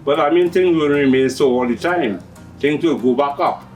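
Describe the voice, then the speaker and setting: This hydroponics shop owner, a middle-aged man with a Trinidadian accent, speaks at a moderate pace in a somewhat high, slightly mellow voice. He patiently explains his hydroponic systems for a farming TV show, using local phrasing. The rough recording comes from a distant mic, with faint music in the background.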